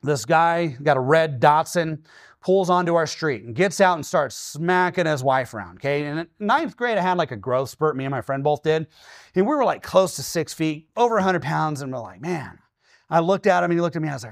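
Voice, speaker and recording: A pastor in his forties from Washington state preaching a sermon, telling stories with lively, acted-out quotes and often checking in with "okay?". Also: on the high side, brisk, no echo, studio quality. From Washington state, USA. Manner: animated storytelling, acting out his own quoted lines.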